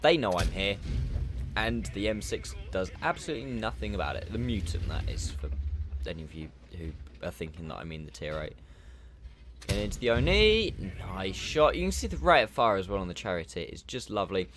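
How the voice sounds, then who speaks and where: Lively, chatty gaming commentator man. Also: lowish voice, brisk. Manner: chatty, animated, jokey asides. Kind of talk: casual gameplay commentary.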